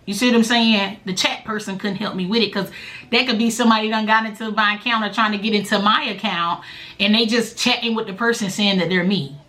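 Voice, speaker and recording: A woman vlogger, telling a story in a chatty, animated way straight to the viewer. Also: a little fast. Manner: bursts into a high, loud voice when quoting herself. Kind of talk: casual storytime vlog.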